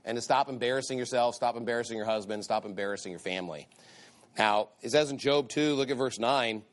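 A man with a medium-pitched voice preaches quickly, stressing his points by repeating phrases. The pastor's delivery is emphatic, and he reads scripture in King James wording.

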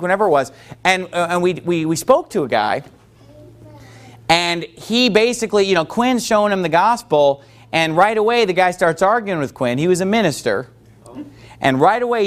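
Pastor, male, high voice, emphatic sermon delivery that keeps questioning the room.

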